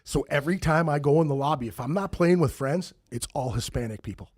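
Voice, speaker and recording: Man, podcast host, middle-aged, husky voice, dry close sound, swears a lot. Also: on the high side, quick pace, a little mellow, no echo. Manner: profane, laughing storyteller. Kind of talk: casual chat.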